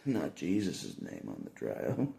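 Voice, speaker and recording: A man's voice: extremely low pitch, wildly swooping pitch, takes it slowly, gravelly, mellow, roomy sound. A man talking in a rambling casual monologue, laughing often and repeating himself.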